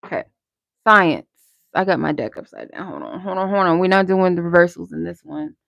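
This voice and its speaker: A woman's voice: lowish voice, lively intonation, a little fast, vocal fry, no room sound, lo-fi sound. A woman hosting a live tarot stream, giving casual spiritual guidance in a candid, encouraging way with some swearing. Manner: candid, conversational, salted with swearing; encouraging, motivational.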